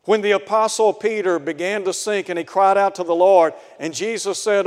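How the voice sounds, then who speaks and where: A man preaching a radio sermon, slow and deliberate, asking his listeners pointed rhetorical questions. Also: sits high, darkish tone, smooth, big-room sound.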